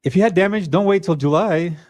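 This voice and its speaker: Fast-talking man giving practical advice. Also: high voice, crowd noise. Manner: explanatory, gives practical step-by-step advice. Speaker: disaster agency official, guest. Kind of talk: casual radio interview. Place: radio studio.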